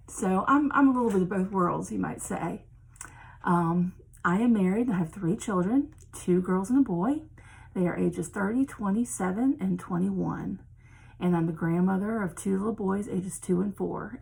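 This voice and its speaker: A woman's voice: on the low side, creaky, slightly rough, poor audio. A woman in her fifties, from Maryland with an accent picked up from South Carolina, chatting casually as a cross-stitch vlogger, rambling with frequent ums. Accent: mixed Maryland and South Carolina. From Maryland, USA. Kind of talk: casual chat to camera.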